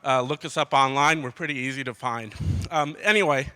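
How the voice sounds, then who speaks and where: A man's voice: mid-range voice, brisk, bright, forceful tone. A man giving a sponsor speech to a crowd, a little out of breath and upbeat. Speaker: corporate sponsor speaker.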